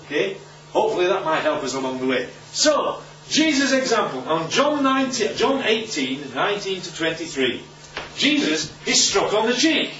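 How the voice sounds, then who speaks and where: Lively preacher man, echoey distant recording. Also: high voice, normal speed, dull audio, a little hiss or hum. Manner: keeps checking in with listeners with rhetorical questions; emphatic, lively teaching delivery. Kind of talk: sermon-style Bible teaching. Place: room with a live audience.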